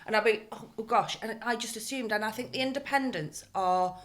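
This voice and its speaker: Chatty, animated woman in a business interview. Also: on the high side, a little fast. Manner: chatty, animated, self-deprecating storyteller. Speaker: business leader guest. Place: room with an audience.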